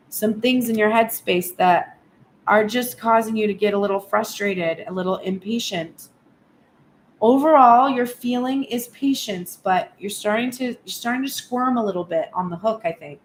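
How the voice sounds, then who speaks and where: A woman giving a frank, animated tarot reading in a casual spoken style, swearing now and then. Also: medium pitch, echoey room, a little hiss or hum. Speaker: tarot reader.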